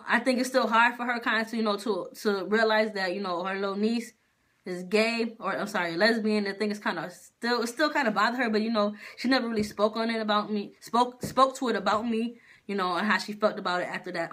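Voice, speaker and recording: Animated young woman telling a story. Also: a little high. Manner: animated, slangy, talks straight to viewers. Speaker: vlogger. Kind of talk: casual storytelling to camera.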